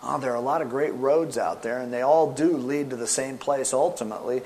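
A man preaching a sermon with animated storytelling, swinging between loud emphasis and soft asides. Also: medium pitch, a little fast, slight background noise. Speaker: pastor.

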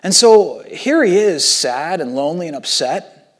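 Animated male preacher, slightly high voice. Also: measured pace. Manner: animated and conversational, swinging from loud to hushed. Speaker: pastor. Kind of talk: sermon.

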